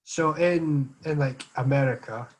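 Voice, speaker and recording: A man co-hosting a casual podcast, quick and emphatic in his talk. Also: medium pitch, husky. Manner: quick, emphatic, laughs often. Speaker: podcast co-host. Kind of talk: casual banter.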